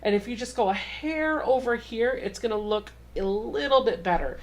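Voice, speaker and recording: A young adult woman hosting a casual home sewing tutorial, chatty and self-deprecating as she walks through each step. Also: mid-range voice. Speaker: quilting channel host.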